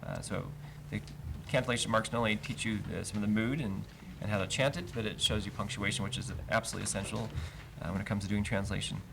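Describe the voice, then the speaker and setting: A man's voice: on the low side, steady tone, fast talker, vocal fry, hardly any pauses. A man teaching a verse-by-verse Hebrew lesson, explaining cantillation marks patiently and chanting each trope name aloud. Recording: livestream with faint noise.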